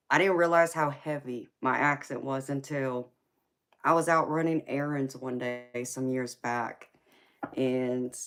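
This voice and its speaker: A woman's voice: a bass voice, fairly bright tone. A woman with a Southern US accent, hosting a tarot reading live stream in a casual, folksy chat and calling her listeners baby, sweetheart and honey.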